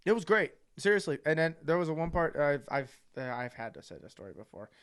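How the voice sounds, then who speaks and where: High-voiced young man telling crude stories. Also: fairly quick, smooth. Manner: profane, animated anecdotes with acted quotes. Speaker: podcast host. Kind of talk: casual storytelling chat.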